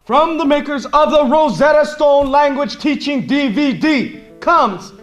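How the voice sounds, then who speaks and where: High-voiced goofy island pitchman. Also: unhurried, soft background music. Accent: Hawaii Pidgin. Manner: loud goofy salesman patter. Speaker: school broadcast student pitchman. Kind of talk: parody infomercial skit.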